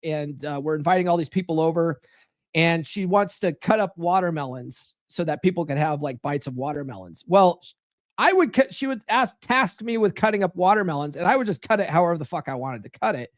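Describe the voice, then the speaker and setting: A man's voice: a little high, lively intonation, a little fast, no echo, clean studio sound. A middle-aged man giving blunt, profane relationship advice on a live stream, rambling with frequent restarts. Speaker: relationship coach.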